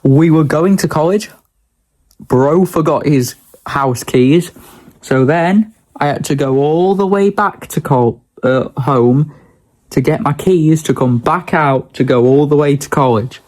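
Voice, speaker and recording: A man's voice: fairly high pitch, a little slow, a little mellow. A young man, talking casually and bluntly in a daily vlog, ranting with a lot of swearing. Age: young adult. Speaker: vlogger.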